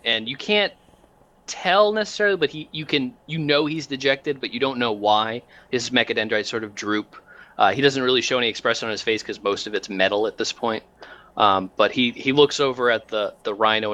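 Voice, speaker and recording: A man's voice: fairly low pitch, moderate pace, bright, forceful tone. A man narrating a tabletop role-playing game as game master, rambling with many fillers.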